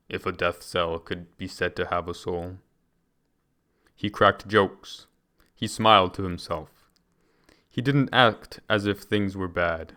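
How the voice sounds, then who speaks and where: A man reading a book aloud in a measured, deliberate way, now and then restarting a phrase. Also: low-pitched, fairly bright tone. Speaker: reader.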